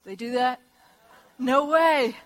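A woman preaching a sermon, telling gospel stories in a lively way and acting out the voices of the people in them. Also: high voice, takes it slowly. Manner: lively storytelling with acted voices and laughs.

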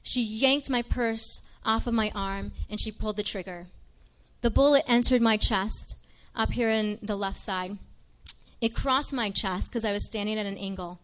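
A woman's voice: normal speed, a bit bright. A woman missionary telling her own story to a live audience in a conversational way, speaking straight to her listeners. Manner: dramatic, acts out quoted lines in a much higher voice; conversational, addresses listeners directly.

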